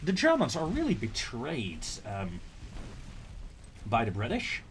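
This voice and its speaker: A man's voice: medium pitch, huge pitch swings, slow, a little hiss or hum. A man casually commenting on his own strategy gameplay, thinking aloud with fillers and frequent laughter.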